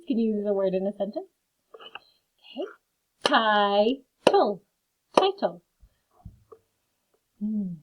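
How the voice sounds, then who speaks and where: A woman teaching a phonics lesson to children, slowly sounding out word parts. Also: medium pitch. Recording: phone-like narrow sound.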